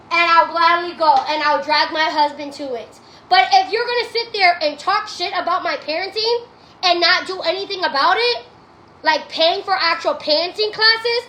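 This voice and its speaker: A woman's voice: extremely high pitch, pushed and bright, roomy sound, a little hiss or hum, low-quality recording. A woman streaming casually from her home, blunt, profane and ranting as she talks back to viewers. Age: adult. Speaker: TikTok live streamer. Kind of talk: casual livestream chat.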